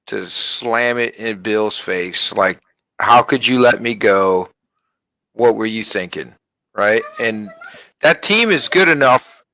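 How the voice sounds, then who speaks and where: A man's voice: medium pitch, sharp tone, no echo, low-quality recording. A man co-hosting a casual sports talk show, speaking in an emphatic, conversational way. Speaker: podcast co-host.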